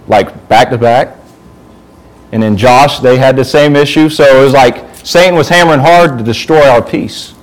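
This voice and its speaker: A man with a mid-range voice gives an informal sermon to a youth group, talking conversationally and asking the group questions. The audio quality is poor.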